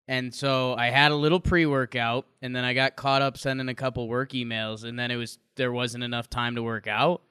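A man with a smooth, clean voice chats casually as a podcast co-host. He jokes in a dry, teasing way. The sound is close and dry, with no room around it. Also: medium pitch, moderate pace, few pauses, sharp tone, no room sound. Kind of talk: casual chat. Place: home.

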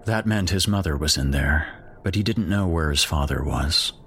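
Deep-voiced man narrating horror. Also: lively intonation, a bit bright, slight background noise. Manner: measured, grave storytelling. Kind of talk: scripted horror story narration.

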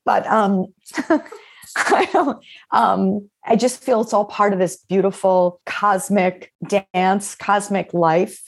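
A woman's voice: medium pitch, slow pace, gravelly, slightly rough. A woman guest on a podcast, talking candidly in rambling runs as her voice starts to give out. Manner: rambling, restarts, many fillers. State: losing her voice. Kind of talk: candid conversation.

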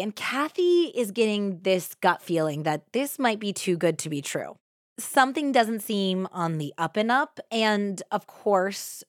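A woman with a fairly low voice recounts a true crime case for her podcast. She talks casually and jumps up in pitch when she acts out what people said. The sound is dry and close, with no room around it. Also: dry recording. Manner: conversational, animated when acting out quotes. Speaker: podcast host.

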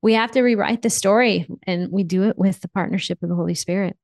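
A woman's voice: medium pitch, fast, darkish tone. A woman co-hosting a faith conversation, speaking in an emphatic, preacherly, encouraging way. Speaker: co-host. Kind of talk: faith-based podcast conversation.

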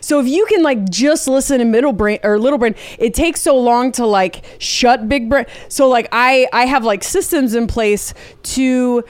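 A woman guest on a podcast speaking in a smooth, clear voice. She works through her ideas in a reflective, earnest way, searching for words. The sound is dry and close. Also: a little high, normal speed, few pauses, dry recording. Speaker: guest, comedian. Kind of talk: casual chat.

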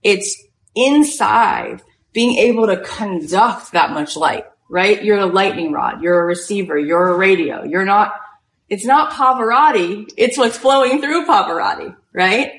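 Animated woman coach in a roomy space. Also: medium pitch, a little slow, slight background noise. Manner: animated, frequent "like" fillers. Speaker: spiritual coach and host. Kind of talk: inspirational storytelling talk. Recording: roomy echo.

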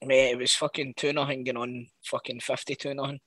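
A man's voice: medium pitch, level tone, fairly quick, fairly bright tone. A man with a Scottish accent, co-hosting a podcast in casual chat, blunt and sweary. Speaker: podcast co-host.

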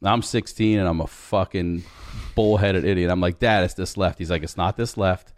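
A man's voice: sits low, steady tone, normal speed, dry recording. A man in his forties telling a personal story, acting out the dialogue and swearing freely. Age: 40s. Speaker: podcast guest. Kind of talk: storytelling in casual conversation.

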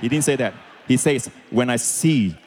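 A man preaching a sermon as pastor, swinging between quiet explanation and loud, shouted emphasis. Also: mid-range voice, moderate pace, a little hiss or hum. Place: large church auditorium with congregation.

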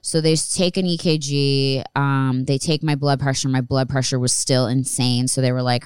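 A woman's voice: extremely low pitch, level tone, normal speed, hardly any pauses, a little mellow, clear, resonant tone, no echo. A woman in her thirties telling a personal story in a candid, rambling way and swearing freely. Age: 30s. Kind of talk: casual storytelling monologue.

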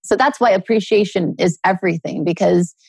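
A middle-aged woman, a guest author, talking earnestly in a relaxed interview and telling personal stories. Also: fairly low pitch, fairly quick, breathy edge, dry recording. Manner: earnest, storytelling with acted quotes.

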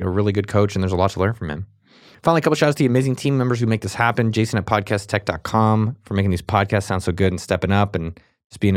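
Deep voiced guy hosting a podcast, talks fast, rambles and restarts a lot, dry mic. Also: no room sound. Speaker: podcast host. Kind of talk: casual interview chat.

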